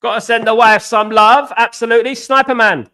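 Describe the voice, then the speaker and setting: A young man hosting a casual football live stream, greeting viewers by name and repeating himself, his voice going hoarse. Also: extremely high pitch, steady tone, brisk, bright, forceful tone. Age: young adult.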